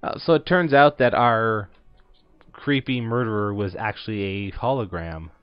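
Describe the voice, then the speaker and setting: Low-voiced guy narrating his game, lots of uhs, dry muffled sound. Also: moderate pace, smooth, dry recording. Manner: rambling, many filler words. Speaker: let's play host. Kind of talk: casual gameplay commentary. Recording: dull lo-fi dry voice recording.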